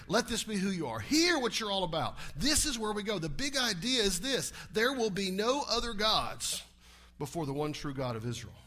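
A man preaching a sermon to his congregation, swinging between loud, emphatic passages and quiet asides, and leading them in reciting scripture. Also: sits high. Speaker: pastor. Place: church service.

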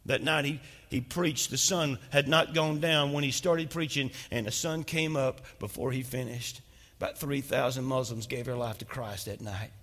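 Bright-voiced preacher in a reverberant hall. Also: male voice, mid-range voice, fairly even intonation, moderate pace. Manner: dramatic storytelling, retelling a testimony. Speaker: pastor. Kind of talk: sermon. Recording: long reverb of a large hall.

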